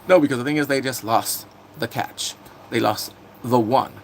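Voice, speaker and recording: A man chatting casually on a live stream, recapping TV episodes and greeting viewers, laughing and animated. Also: mid-range voice, moderate pace, creaky, slight background noise.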